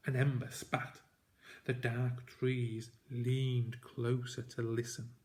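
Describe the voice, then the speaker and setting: A man reading a children's novel aloud in a slow, measured, deliberate way. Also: mid-range voice, steady tone. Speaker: audiobook reader. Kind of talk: storybook read-aloud narration.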